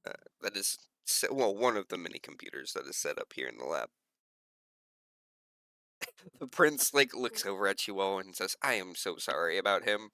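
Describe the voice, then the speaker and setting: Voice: low voice, very animated, normal speed, long pauses, a bit bright, no echo. A game master narrating a tabletop role-play scene, rambling with lots of fillers and self-corrections.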